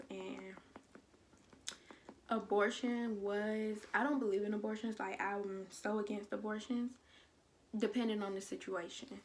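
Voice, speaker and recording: A young woman with a gravelly, creaky voice tells a personal story in a casual storytime vlog. She slips into quick impressions of the people in it, and a faint hiss runs under her voice. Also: medium pitch. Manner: animated storytelling, acting out quotes of others. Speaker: vlogger.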